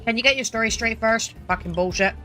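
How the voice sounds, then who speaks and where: A young woman doing chatty let's-play commentary, apologetic and quick to swear. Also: a little high, bright, forceful tone. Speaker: gaming youtuber. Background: game music.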